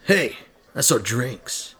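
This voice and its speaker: A man voicing a slick, sleazy young man who tries to charm, speaking slowly with fake ease. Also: lowish voice, flat delivery, slightly rough. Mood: protesting.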